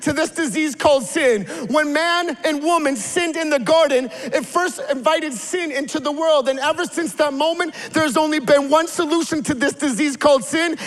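A man in his forties preaching a sermon, telling stories in an animated way and building to emphatic calls. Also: very high-pitched, normal speed, long reverb tail. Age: 40s. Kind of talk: sermon with storytelling.

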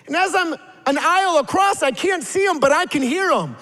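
A man in his forties preaching a sermon, telling stories in an animated way and building to emphatic calls. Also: very high voice, normal speed, in a large hall. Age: 40s. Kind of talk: sermon with storytelling.

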